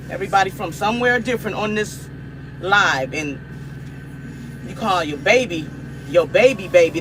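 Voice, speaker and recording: A woman's voice: mid-range voice, background noise. A middle-aged woman from the United States, hosting a cooking live stream and talking to viewers in an emphatic, repetitive, preachy way. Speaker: livestream cooking host.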